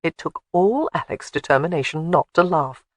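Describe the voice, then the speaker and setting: A man reading an audiobook in a measured, even way. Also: a little high, dry recording. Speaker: audiobook narrator. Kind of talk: scripted narration.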